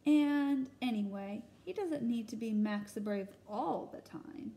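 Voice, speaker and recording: A woman teacher reading a picture book aloud to children over a video call, asking them questions as she goes. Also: on the high side. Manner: slow, animated storytelling with questions to listeners.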